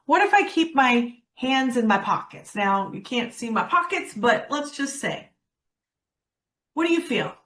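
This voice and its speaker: A woman coaching public speaking, talking expressively and demonstrating lines with dramatic pauses. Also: a little high, sing-song, a bit bright. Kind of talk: workshop presentation.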